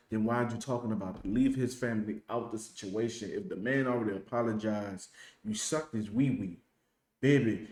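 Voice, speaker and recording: A man's voice: medium pitch, a little mellow, echoey room. A man hosting a reaction video, giving blunt, profane, mocking commentary. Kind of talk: heated commentary.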